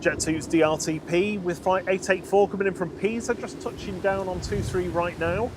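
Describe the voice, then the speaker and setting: A man giving lively live plane-spotting commentary outdoors at an airport, reading out flight details. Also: high voice, normal speed. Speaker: live stream co-host. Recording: windy outdoor ambience, audible noise.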